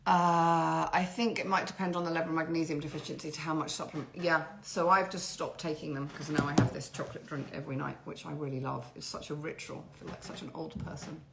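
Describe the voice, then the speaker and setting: A woman's voice: low voice, little pitch movement, fast talker, creaky, hardly any pauses. A woman hosting a casual live Q&A from home, reading out viewer questions and chatting through stories. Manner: chatty, reads out questions then rambles warmly into anecdotes. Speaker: interiors host answering viewer questions. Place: her home. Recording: echoey room, faint background noise.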